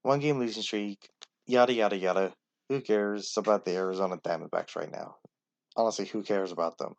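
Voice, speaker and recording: A man's voice: on the low side, fairly quick, gravelly, muffled recording. A man giving casual, opinionated rankings commentary and talking straight to the teams. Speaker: sports commentator.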